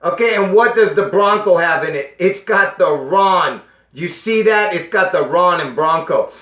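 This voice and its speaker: With a high-pitched, fairly bright voice, lively intonation, and a measured pace, a man talks casually to his viewers. He's insistent about being understood, asking often if they do, while coughing in a strained voice; the room is echoey.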